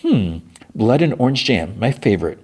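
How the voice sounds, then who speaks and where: A man's voice: medium pitch, big pitch swings, moderate pace, a little mellow, husky, pitched above the performer's own voice. A man voicing a bubbly, chatty teenage girl with a raised voice. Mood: perky. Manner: perky, chatty.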